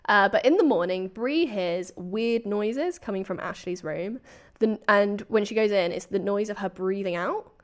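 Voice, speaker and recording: A woman hosting a true crime podcast, telling the story in a casual, animated way with quoted voices. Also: mid-range voice, moderate pace. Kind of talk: casual chat.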